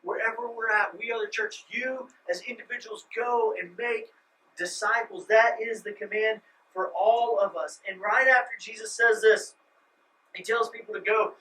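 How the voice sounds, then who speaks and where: Pastor, male, dynamic sermon delivery with loud emphasis and hushed asides, high voice, mic at a distance. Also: steady tone, moderate pace. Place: church sanctuary.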